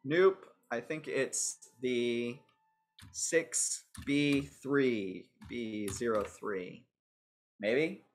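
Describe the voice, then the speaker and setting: Soft background music plays as a mid-range male voice speaks very slowly on a livestream. He's showing off a character builder, chatting offhandedly and thinking aloud in a jokey, self-mocking way.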